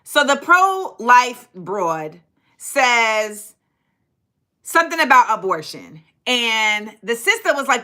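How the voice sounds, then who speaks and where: Middle-aged woman host, dramatic storyteller, lively high pitch. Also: takes it slowly. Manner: animated, dramatic retelling with acted-out quotes and laughter. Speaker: livestream host. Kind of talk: casual storytelling to a live chat.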